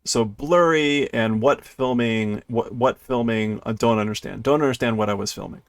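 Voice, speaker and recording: A man's voice: medium pitch, normal speed, no room sound. A man live-streaming a read-through of a manga, translating as he goes and thinking aloud, stumbling and correcting himself with light laughs at his own mistakes. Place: indoors at his computer.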